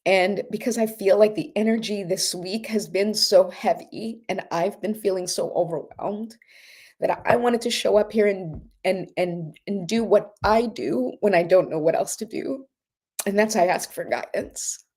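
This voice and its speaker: A woman's voice: medium pitch, a little slow, a little mellow, husky. A woman hosting a live oracle card show, talking earnestly and tearfully in a casual, rambling way, then leading a breathing exercise. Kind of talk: casual livestream talk and guided breathing.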